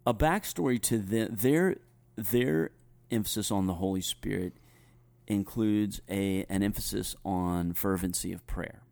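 A man from North Carolina with a softened Southern accent, a pastor chatting thoughtfully and often restarting his sentences. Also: fairly low pitch, a little slow, gravelly. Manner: thoughtful, restarts often, chuckles while telling stories. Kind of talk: conversational podcast chat.

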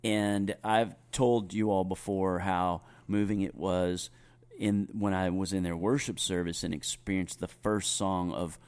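A man from North Carolina with a softened Southern accent, a pastor chatting thoughtfully and often restarting his sentences. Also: deep voice, fairly even intonation, unhurried, clear, resonant tone. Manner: thoughtful, restarts often, chuckles while telling stories. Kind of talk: conversational podcast chat.

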